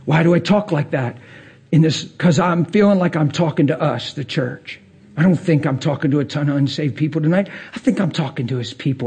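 A man preaching a sermon in a high, husky voice. He drops to a hushed whisper, then climbs to excited, almost shouted lines. He acts out the people in his stories as he goes.

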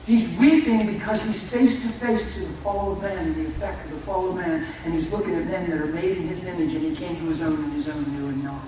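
A man preaching a fervent sermon, swinging from shouts to hushed intensity and speaking folksily to his listeners. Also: high-pitched, fairly even intonation, fast talker, hardly any pauses. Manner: folksy, addresses listeners as "brother". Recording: echoey hall, mic far off, faint noise.

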